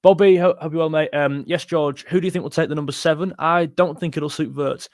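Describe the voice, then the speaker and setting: Chatty lad on a dry mic. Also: male voice, fairly high pitch, steady tone, fairly quick, no room sound. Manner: chatty, blunt, self-deprecating, thanks donors warmly. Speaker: football livestream host reading chat. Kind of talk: casual live-stream chat.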